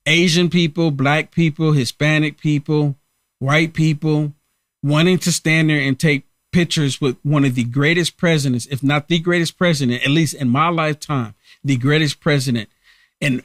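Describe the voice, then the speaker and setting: A man's voice: on the high side, normal speed, no room sound, studio quality. A man hosting a live political commentary stream, talking emphatically and repeating himself to rally viewers. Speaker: host of a political livestream.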